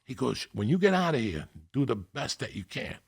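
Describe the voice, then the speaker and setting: A middle-aged man with a gravelly, husky voice that has a lot of fry. He tells profane stories with animation and acts out the people he quotes. He is from Cuba. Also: medium pitch, very animated, brisk. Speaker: podcast guest. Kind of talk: storytelling in casual chat.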